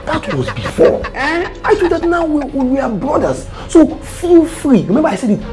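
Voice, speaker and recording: A man playing a smooth-talking husband who is wary of gossip, acting in a comedy skit. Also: very high voice, big pitch swings, normal speed. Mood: coaxing. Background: music playing in the background.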